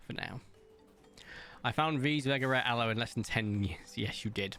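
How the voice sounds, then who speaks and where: A man streaming a game, chatting casually, reading viewers' messages aloud and telling stories, with big playful jumps in pitch. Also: normal speed, pauses often, pushed and bright, faint music behind. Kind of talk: casual chat while gaming, reading chat aloud.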